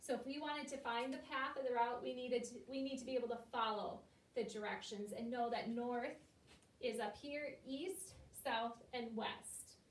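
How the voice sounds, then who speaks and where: A woman's voice: on the high side, normal speed, far from the mic, a little hiss or hum. A woman teacher giving patient, step-by-step instructions to young children in a recorded lesson. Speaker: elementary school teacher. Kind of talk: recorded remote classroom lesson. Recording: echoey room, voice off from the mic.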